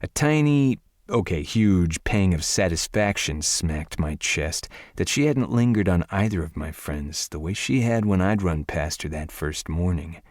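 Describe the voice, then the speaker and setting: Deep-voiced male audiobook narrator. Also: animated, measured pace, a little mellow, dry recording, clean studio sound. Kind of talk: first-person audiobook narration.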